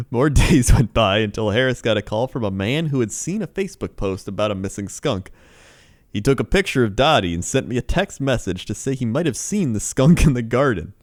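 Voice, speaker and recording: A man's voice: lowish voice, expressive, moderate pace, no echo, studio quality. A man co-hosting a comedy podcast, reading news stories aloud and laughing between them. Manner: laughs often, reads stories aloud with asides. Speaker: podcast co-host.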